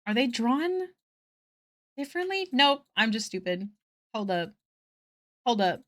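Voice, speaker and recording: A young woman with a fairly high voice chats to her viewers while she draws, bubbly and quick to poke fun at herself. She gushes over what people send her. The sound is dry and close, from a desk mic. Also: very animated, fairly bright tone, no echo. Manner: bubbly, self-deprecating, gushing. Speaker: streamer. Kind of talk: casual live-stream chat while drawing.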